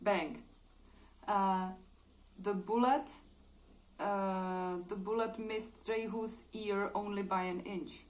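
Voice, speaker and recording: A woman's voice: mid-range voice, steady tone, slow pace, pauses often, darkish tone. A woman retelling her own old comic in a casual, hesitant way, full of fillers and small laughs. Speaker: artist showing her drawings.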